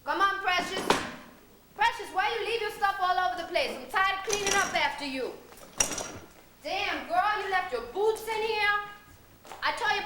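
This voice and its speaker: A woman playing a loud, gossipy older woman who scolds and minds a small child, in a one-woman stage comedy. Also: very high-pitched, reverberant, background noise. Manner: brash, scolding, quick-tempered. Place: theater stage.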